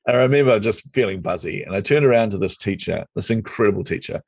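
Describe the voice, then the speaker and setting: This middle-aged New Zealander is a podcast guest telling a story fast and low, playing out quoted dialogue with lively energy. It's a casual storytelling interview, recorded close and dry with no room sound.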